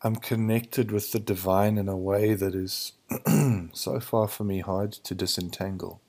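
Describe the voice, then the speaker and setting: Male podcast host, low gravelly early-morning voice, reflective searching monologue. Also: steady tone, a little slow, a little mellow. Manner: searching, hesitant, restarts to find words.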